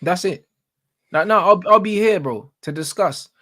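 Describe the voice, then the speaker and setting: A man with a London accent rants about football in loose, slang-heavy talk. He drives his points home and repeats them with conviction. His voice sits a little high for a man. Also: moderate pace, pushed and bright. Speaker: football pundit. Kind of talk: casual football rant.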